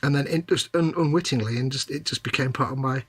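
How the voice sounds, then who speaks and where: A man's voice: mid-range voice, fast talker, slightly rough, dry recording. A man co-hosting a live model-making stream, chatting in a rambling way and reading out viewers' comments. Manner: rambling, restarts a lot, reads out chat comments. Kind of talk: casual live-stream chat.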